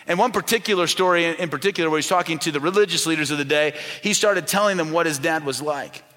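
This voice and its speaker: Bright-voiced pastor preaching in a reverberant hall. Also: male voice, on the high side, quick pace. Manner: conversational preaching with audience questions, dropping soft for quoted lines. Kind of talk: sermon. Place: church. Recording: long reverb of a large church hall.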